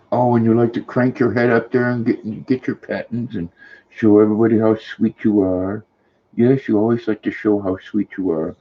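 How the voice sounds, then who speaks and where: A man's voice: on the low side, steady tone, moderate pace, highs cut off. An older man hosting a casual live stream, chatting affectionately and talking sweetly to his dog.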